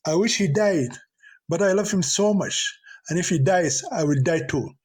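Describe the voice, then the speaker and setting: A man's voice: high voice, normal speed, breathy edge. A man voicing a spoiled, sweet-talking teenage girl, sulky and pleading.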